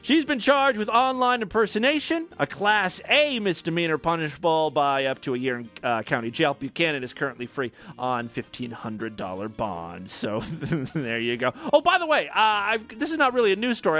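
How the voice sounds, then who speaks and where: A man's voice: a little high, big pitch swings, brisk, hardly any pauses, sharp tone, soft background music. A man hosting a podcast, giving casual news commentary with irreverent, crude jokes and frequent laughs. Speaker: podcast host.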